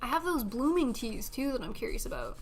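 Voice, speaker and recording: High-voiced chatty woman streamer. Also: very animated, fairly quick. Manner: giggly, chatty, baby-talks to her cats. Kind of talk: casual stream chat.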